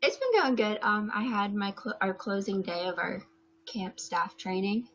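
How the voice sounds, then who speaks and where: A woman's voice: medium pitch, expressive, moderate pace, a bit bright. A young woman from the U.S. East Coast joins a livestream over a video call and talks shyly, hedging with fillers. Her audio is dull and lo-fi, with a faint hum behind it. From United States, East Coast. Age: young adult. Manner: hesitant, shy, many fillers. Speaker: livestream guest. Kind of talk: casual video call chat.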